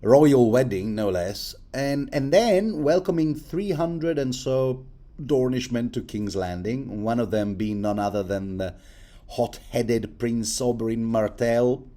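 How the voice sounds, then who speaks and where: Chuckling, rambling mellow-voiced man. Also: mid-range voice, slow pace. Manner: rambling, stammering repeats and frequent chuckles. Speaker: book commentator. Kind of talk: rambling casual commentary.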